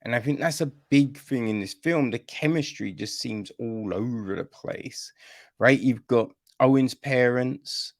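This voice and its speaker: A man's voice: mid-range voice, unhurried, dry recording, studio quality. A man giving a casual film review on a podcast, exasperated, and ending his points with "right?". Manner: exasperated, repeats "right?" often.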